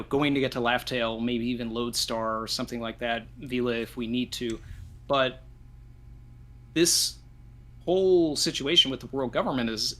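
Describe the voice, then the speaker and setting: A man on an online panel who thinks out loud, full of asides as he builds his point. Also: medium pitch. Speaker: podcast panelist. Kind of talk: casual discussion.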